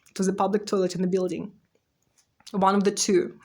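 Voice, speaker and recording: A woman's voice: mid-range voice, fairly even intonation, brisk, a little mellow. Woman, aggrieved testimony. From Russia. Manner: ends phrases with a questioning "yeah?"; urgent, aggrieved, with short nervous laughs. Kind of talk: emotional personal testimony.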